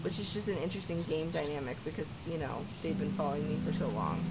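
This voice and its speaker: A woman's voice: low voice, animated, fast talker, few pauses, noisy background. A young woman giving casual let's-play commentary, chatting to the animals in her game as if they were her kids. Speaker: gaming YouTuber.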